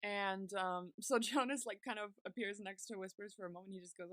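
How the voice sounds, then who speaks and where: A woman's voice: medium pitch, moderate pace, bright, forceful tone, dry recording. A woman co-hosting a podcast, retelling TV scenes in casual chat and acting out the characters' lines with frequent laughter. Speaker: podcast co-host.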